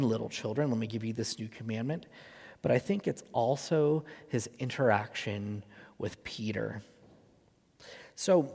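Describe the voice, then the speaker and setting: A man in his thirties with a medium-pitched, slightly mellow voice preaches a sermon as a pastor. He's earnest yet conversational, using frequent fillers, and the recording carries the long reverb of a large hall.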